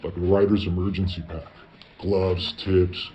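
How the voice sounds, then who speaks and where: Male storyteller, casual and profane, keeps quoting himself; slightly low voice, muffled lo-fi recording with light hiss. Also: little pitch movement, a little slow, darkish tone. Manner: profane, tells stories with lots of "I was like" quoting. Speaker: guest telling his story. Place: parents' garage. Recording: dull lo-fi audio with faint background noise.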